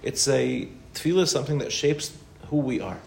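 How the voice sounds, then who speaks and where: Rabbi in a roomy, echoey hall. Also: male voice, mid-range voice, animated, fairly quick, gravelly, darkish tone. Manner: conversational, with Hebrew and Yiddish terms. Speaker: rabbi answering questions. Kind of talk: informal Torah class. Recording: roomy echo with faint noise.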